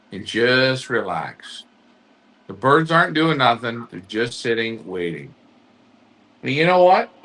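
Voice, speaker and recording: A man co-hosts a casual members' stream and explains things patiently, leaning on rhetorical questions. His voice is bright and forward at an ordinary pitch. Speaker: co-host of a pigeon auction club show. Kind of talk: casual live-stream chat to club members.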